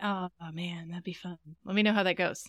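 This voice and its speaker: A woman's voice: lowish voice, steady tone, a little fast, dry recording, highs cut off. A young woman co-hosting a podcast, chatting casually and laughing often while recapping a TV episode. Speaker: podcast co-host. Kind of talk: casual chat recapping a TV show.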